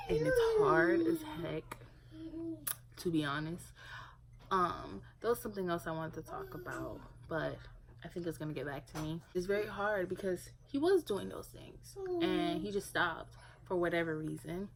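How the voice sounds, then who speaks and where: A woman's voice: on the low side, low-quality recording. A young woman vlogging about her family in a casual, rambling way, full of filler words. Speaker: parent vlogger. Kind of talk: casual talk to camera.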